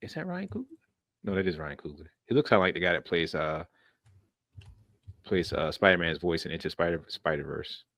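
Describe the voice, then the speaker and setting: A man's voice: a bass voice, brisk, creaky, a bit bright, no room sound. A man hosting a casual reaction stream, joking and sounding incredulous as he laughs often.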